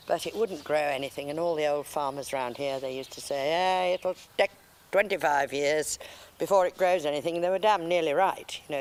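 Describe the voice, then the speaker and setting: An older woman telling family stories in a documentary interview, chatty and dryly humorous. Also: sits low. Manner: chatty, anecdotal, dry humour. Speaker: mother of a farmer.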